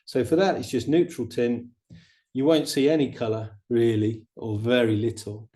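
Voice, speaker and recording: A middle-aged man teaching watercolor painting, chatting in a relaxed way and explaining each step as he paints. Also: medium pitch, moderate pace. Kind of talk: painting demonstration.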